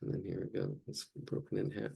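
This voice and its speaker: A man talking casually to himself as he draws during a class practice, rambling and chuckling in quiet asides. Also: deep voice, little pitch movement, brisk, vocal fry, husky. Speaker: drawing instructor. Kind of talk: casual narration while drawing.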